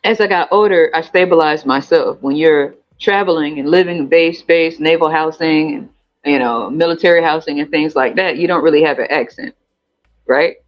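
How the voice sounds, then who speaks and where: A podcast host from the US West Coast in a casual monologue, animated and profane, laughing often and jumping up in pitch. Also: moderate pace. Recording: slightly muffled, faint music.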